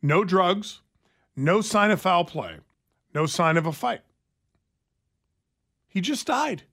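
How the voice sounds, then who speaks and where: A man's voice: high-pitched, animated, slow pace, creaky, fairly bright tone. A man hosting a talk radio show, chatting casually and reading news aloud with asides into a studio microphone.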